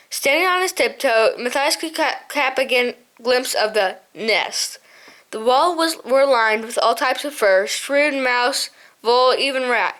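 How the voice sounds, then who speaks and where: A woman narrates a children's novel for an audiobook. Her voice is high, and her reading is hesitant, with frequent slips and restarts on words. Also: lively intonation, moderate pace, a bit bright.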